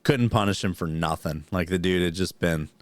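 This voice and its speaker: Low-voiced man, dry close sound. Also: moderate pace, no room sound. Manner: matter-of-fact, profane, explains military terms. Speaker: podcast co-host. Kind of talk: casual chat. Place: home.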